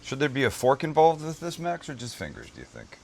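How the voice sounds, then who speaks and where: Man, cooking host, casual demo, gushing, exclamatory, chatty, mid pitch, faint background hum. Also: wildly swooping pitch, a little fast, darkish tone. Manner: gushing, exclamatory praise of food; chatty asides to crew.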